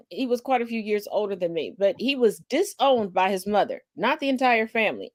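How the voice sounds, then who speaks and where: A woman hosting a casual chat, telling a family story with animated energy, acting out her relatives and swearing freely. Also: a little high, no room sound, clean studio sound. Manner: animated storyteller who acts out family members. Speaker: host.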